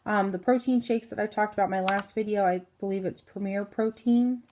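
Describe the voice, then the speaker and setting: A woman's voice: medium pitch, steady tone, fairly quick, darkish tone, a little hiss or hum. A woman in her thirties from Indiana giving a rambling, casual health update to her phone camera, full of ums and self-corrections. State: hiccups. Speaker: vlogger.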